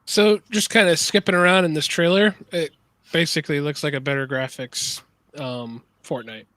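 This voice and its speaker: Higher-pitched guy, bright tone, blunt and dismissive, dry close sound. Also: fairly even intonation, normal speed, no echo. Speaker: co-host. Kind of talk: casual chat.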